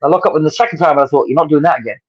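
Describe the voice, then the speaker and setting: The lo-fi recording captures an English wrestling promoter with a voice on the high side, talking rapid-fire as a guest. Telling stories in a casual interview, he vividly acts out everyone he quotes.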